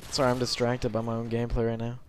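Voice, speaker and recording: A young man lies in bed late at night, giving meandering, self-conscious commentary on his game and padding pauses with plenty of ums. He speaks at a medium pitch in a monotone, and there's a little hiss or hum in the background.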